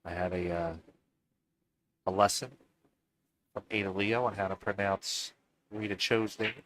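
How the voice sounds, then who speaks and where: A man's voice: on the low side, fairly even intonation, a little slow, a bit bright, a little hiss or hum, poor audio. A man with a Philadelphia accent commentating a pool match, friendly and easygoing in his chatter. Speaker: sports commentator. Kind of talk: casual commentary banter.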